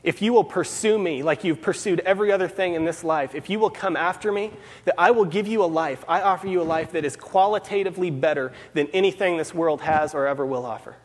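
Male preacher, slightly high, husky voice, earnest sermon delivery in a big echoing hall. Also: fast. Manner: earnest, repeats key phrases for emphasis. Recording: long hall reverb.

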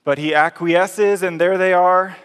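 A man's voice: high-pitched, steady tone, unhurried, a bit bright, clean tone. A man preaching a sermon, telling the story conversationally and acting out scenes. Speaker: pastor. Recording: reverberant hall.

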